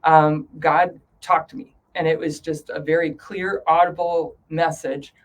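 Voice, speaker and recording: A middle-aged woman, a guest in an interview, telling her story with animated voices for her own past thoughts. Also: low-pitched, unhurried, rough recording.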